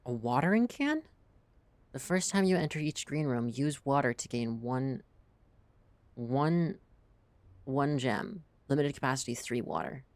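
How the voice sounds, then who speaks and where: A woman streamer giving live commentary as she plays a game, reacting out loud, swearing and reading in-game text aloud. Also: very deep voice, lively intonation, a little slow, no echo.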